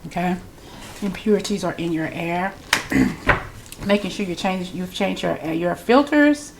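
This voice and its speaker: A woman's voice: lowish voice, measured pace, noisy background. A woman with a congested voice, giving a chatty, loose spiritual reading straight to her viewers. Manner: chatty, loose, repeats herself. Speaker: tarot reader.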